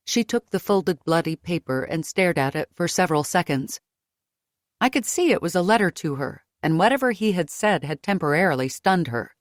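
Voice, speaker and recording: Woman audiobook narrator, lower voice, dry close recording, first-person storytelling. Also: moderate pace, no echo. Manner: lively, raising pitch for her own character's dialogue.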